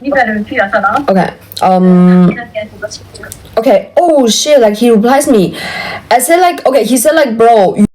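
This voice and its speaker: A woman whose first language is Tibetan, venting to a friend on a phone call in an animated, exasperated way with lots of fillers. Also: fairly high pitch, slow pace, long pauses. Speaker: vlogger.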